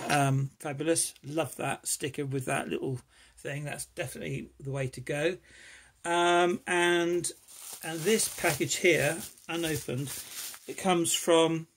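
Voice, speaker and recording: A man's voice: fairly high pitch, steady tone, a little slow, vocal fry, fairly bright tone, slightly rough. A man chatting enthusiastically as he opens packages for his lockpicking vlog, rambling and thankful. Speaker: lockpicking hobbyist vlogger. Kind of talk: casual unboxing chat.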